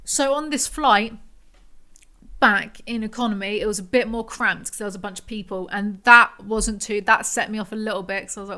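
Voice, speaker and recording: A woman hosting a podcast, telling a story in a rambling, animated, self-mocking way. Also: mid-range voice, a little fast. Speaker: podcast host. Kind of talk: casual storytelling monologue.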